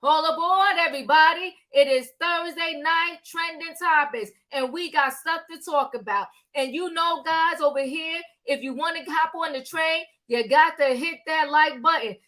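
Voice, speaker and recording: A woman hosting a casual live-stream talk show, animated and calling out to her viewers. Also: high-pitched. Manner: animated, calls out to viewers, drawn-out exclamations. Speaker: livestream host.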